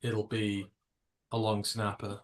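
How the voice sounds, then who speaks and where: A man's voice: on the low side, monotone, takes it slowly. Chatty British man hosting a stream. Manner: rambling, jokey, swears casually. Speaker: livestream host. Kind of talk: casual live reaction chat.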